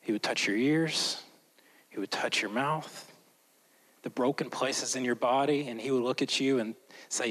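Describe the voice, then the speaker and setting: A man preaching a sermon as a pastor, swinging between loud, emphatic lines and hushed, slow ones. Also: mid-range voice, low-quality recording. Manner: slows down and whispers for emphasis.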